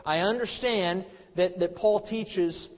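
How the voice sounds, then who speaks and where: A man in his thirties preaching a sermon as pastor, impassioned, swinging from loud emphasis to a low hush. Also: slow pace. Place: church sanctuary. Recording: muffled sound in a hall with long reverb.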